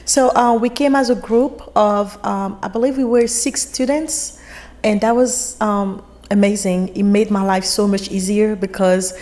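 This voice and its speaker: A woman in her thirties from Ivory Coast, a native French speaker, talks at medium pitch and a measured pace. She's a guest in a casual interview, an animated storyteller who laughs as she acts out exchanges.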